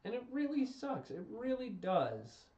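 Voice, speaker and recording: A man's voice: very high voice, wildly swooping pitch, measured pace, a little mellow, distant mic. A young adult man streaming, talking casually and emphatically, repeating himself as he vents his exasperation. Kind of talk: casual ranting commentary. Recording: roomy, dull lo-fi stream audio.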